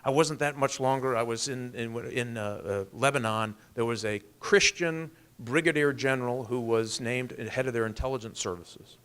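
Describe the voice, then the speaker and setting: A man's voice: mid-range voice, normal speed, few pauses, fairly bright tone, clean tone. A man, a congressman, giving a political speech with earnest storytelling and emphatic rises.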